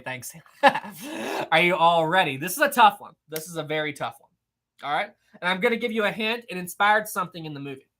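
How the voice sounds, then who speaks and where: Bright, upbeat trivia quiz host. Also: medium pitch. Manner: upbeat, laughs often, repeats praise and questions. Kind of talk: casual live-stream chat reading answers from viewers.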